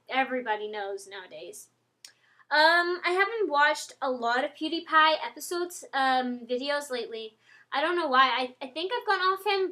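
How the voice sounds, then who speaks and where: A young woman chatting casually to her webcam, rambling with lots of ums and restarts and getting excitable. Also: high voice. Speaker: vlogger. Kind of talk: casual chat to camera.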